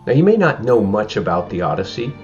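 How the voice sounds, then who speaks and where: A man with a very deep voice teaches a recorded high school English lesson. He explains in a conversational way with fillers, over a slightly muffled recording with music playing clearly behind him. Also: big pitch swings, quick pace.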